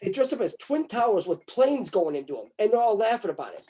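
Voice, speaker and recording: A man's voice: high-pitched, sing-song, fast talker, warm tone, breathy edge. A man talking casually in a crude, rambling way, with mocking asides. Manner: breaks into mocking put-on voices. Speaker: conversation partner.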